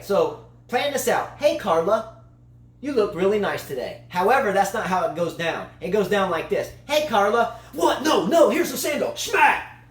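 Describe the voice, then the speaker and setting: A man's voice: sits high, reverberant. A man co-hosting a casual tennis chat show, a long-winded, playful storyteller. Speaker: tennis channel co-host.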